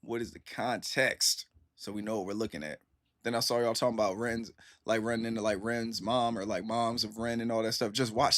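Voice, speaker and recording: A streamer hosts a casual reaction stream, talking in a laid-back, repetitive way and frequently saying "man." His voice is fairly low in pitch with a fairly bright tone.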